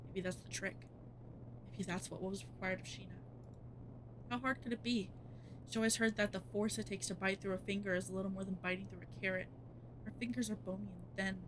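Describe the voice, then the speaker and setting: A woman streamer reading a horror game's narration aloud in a measured, ominous way. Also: mid-range voice, noisy background.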